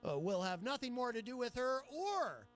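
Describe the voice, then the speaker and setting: A high-voiced man hosts his own radio talk show, reading headlines aloud and breaking off into chatty, sarcastic asides. Faint music plays underneath. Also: sing-song, moderate pace. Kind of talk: solo talk radio commentary.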